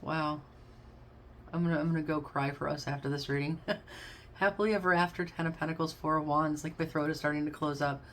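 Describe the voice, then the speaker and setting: Woman, low-pitched, tarot reader; casual and effusive, talks straight to her viewers. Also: fairly even intonation, a little fast, slight background noise. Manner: chatty and effusive, addresses listeners as babes and y'all.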